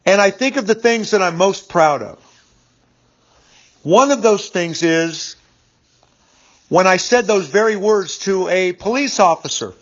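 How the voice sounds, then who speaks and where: A man in his fifties talks through a personal story in a loose, rambling way, often stumbling over his words, repeating them and filling pauses. His voice sits fairly high for a man. The recording sounds dull and lo-fi. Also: expressive, a bit bright. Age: 50s. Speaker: business speaker. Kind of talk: casual storytelling monologue.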